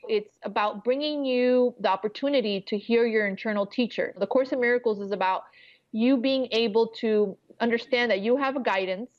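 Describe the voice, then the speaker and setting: Earnest woman author, lo-fi line. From Miami area resident. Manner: earnest, spiritual, acts out inner voices with sudden high pitch. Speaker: author guest. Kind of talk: casual interview chat.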